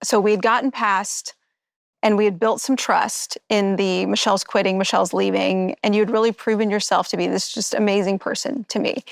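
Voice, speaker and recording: A woman's voice: mid-range voice, vocal fry, dry recording, studio quality. A middle-aged woman telling stories in a candid interview, acting out the quotes as she goes. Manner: animated storytelling, acts out quotes. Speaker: former contestant.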